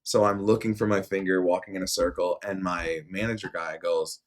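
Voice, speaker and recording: Deep-voiced man telling a wild story. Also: fairly quick. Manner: animated, swearing, jumps into high voices quoting people. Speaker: podcast host. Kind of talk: casual storytelling.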